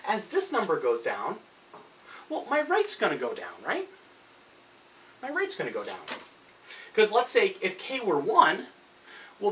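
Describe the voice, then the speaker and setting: A male chemistry teacher with a high, pushed, bright voice gives a chatty lesson at a classroom whiteboard. He often corrects himself and checks in with "okay?", recorded by a camera mic set across the room that picks up faint room hiss.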